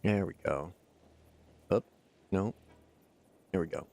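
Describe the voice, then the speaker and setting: A man's voice: sits low, slow pace, gravelly, dark tone, slight background noise. A Canadian man in his forties streaming a game, laid-back, muttering at the game and thanking viewers in chat. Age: 40s. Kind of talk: live gameplay commentary with chat.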